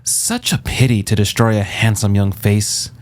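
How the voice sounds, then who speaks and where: A man's voice: medium pitch, big pitch swings, unhurried, a little mellow. A man reading an audiobook, voicing an old female gorgon who coaxes in a purring, soothing tone. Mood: soothing menace. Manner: purring, coaxing.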